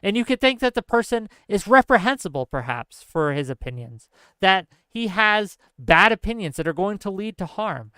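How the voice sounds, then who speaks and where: A man giving an impassioned political commentary monologue, earnest and lecturing, speaking straight to his audience in fast bursts with heavy repetition. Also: high-pitched, big pitch swings, sharp tone, clean tone, no room sound. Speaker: political streamer.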